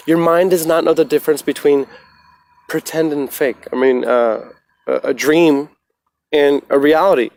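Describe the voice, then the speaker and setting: A man talking casually into his phone on a livestream, preaching about the mind and meditation with lots of swearing, swinging from soft musing to loud ranting. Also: a little high. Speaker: motivational livestreamer. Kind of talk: casual rambling livestream rant.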